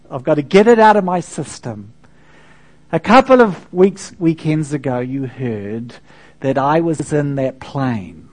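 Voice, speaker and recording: A man, a pastor preaching a sermon in a conversational, storytelling way with frequent asides to the congregation. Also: fairly high pitch.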